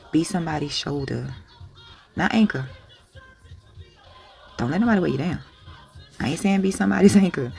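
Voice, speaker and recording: A woman giving a candid, emotional motivational talk to her viewers, frank and plain-spoken with hushed asides and casual swearing. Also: low-pitched, vocal fry. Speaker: spiritual vlogger.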